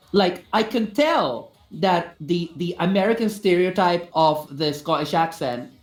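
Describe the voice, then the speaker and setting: Teasing woman chatting on stream, voice all over the place, echoey room. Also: on the low side. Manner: teasing, laughs often. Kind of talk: casual chat on a live stream. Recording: roomy echo.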